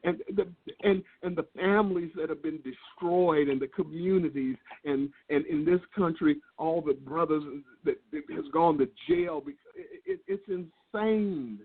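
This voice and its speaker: A man's voice: fairly high pitch, moderate pace, breathy edge. A man speaking as a guest on a business interview call, laid-back and earnest, often restarting his words. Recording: tinny phone line.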